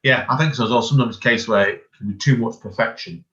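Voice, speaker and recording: A man's voice: medium pitch, quick pace, a bit bright. A man hosting an interview, chatty and encouraging, asking rambling questions. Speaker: host. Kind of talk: casual interview chat. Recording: dull lo-fi audio.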